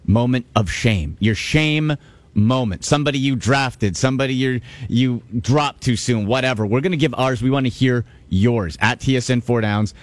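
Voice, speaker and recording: A man's voice: mid-range voice, moderate pace, dry recording. Sports radio guy, punchy and emphatic, dry close studio mic. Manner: energetic, emphatic, repeats for stress. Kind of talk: sports radio talk show. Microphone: studio microphone.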